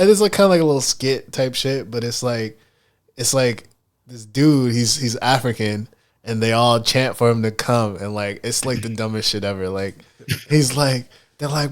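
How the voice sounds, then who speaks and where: A man co-hosting a podcast, telling stories in a loose, animated way full of slang and fillers. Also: mid-range voice. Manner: animated storyteller, heavy slang and fillers, chants in put-on voices. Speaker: podcast co-host. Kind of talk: casual chat.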